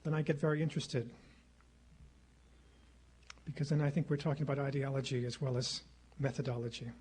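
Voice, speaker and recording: A middle-aged man lectures formally as a guest at a podium microphone in a lecture hall, speaking in a measured, rhetorical manner and repeating phrases for effect. His mid-range voice is level and a little mellow, with slight hiss or hum in the audio.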